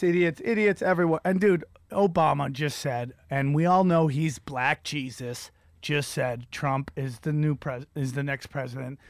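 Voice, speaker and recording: A middle-aged man hosting a comedy podcast, ranting in a profane, rambling way with loud outbursts. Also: on the high side, no echo, clean studio sound. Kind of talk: casual comedic rant.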